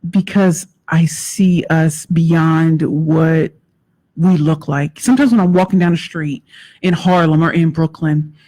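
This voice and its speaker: A woman's voice: low voice, unhurried, dark tone, low-quality recording. A woman with a Nigerian accent, a guest coach, talking in an emphatic, motivational way and often repeating her phrases. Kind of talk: interview conversation.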